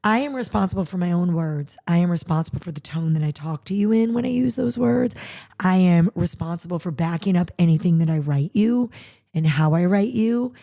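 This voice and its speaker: A woman with a fairly low, gravelly voice hosts a charity podcast, chatting casually at a brisk pace. She tells stories animatedly, acting out the quotes as she goes.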